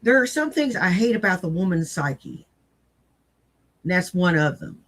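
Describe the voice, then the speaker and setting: A woman's voice: lowish voice, very animated, normal speed, rough recording. Blunt self-mocking older woman. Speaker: commentary host. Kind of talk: casual rambling commentary.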